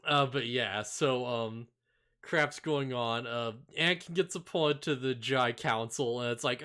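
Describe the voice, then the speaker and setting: A man talking in a loose, rambling way, full of filler words and frequent laughter. His voice sits at a middling pitch. He co-hosts a casual podcast conversation. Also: unhurried, pushed and bright, clear, resonant tone. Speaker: podcast co-host. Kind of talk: casual chat.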